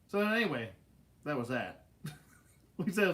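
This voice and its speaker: A young man casually telling a funny childhood story, animated and laughing, acting out his family's lines. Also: a little high, slow pace. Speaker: host.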